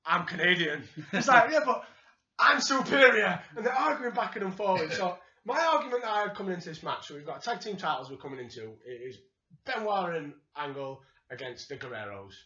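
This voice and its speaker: A man with a Yorkshire accent chatting as a podcast co-host, animated, laughing often and acting out quotes. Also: a little high, fairly quick. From England. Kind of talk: casual chat reviewing wrestling. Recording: roomy, slightly dull sound.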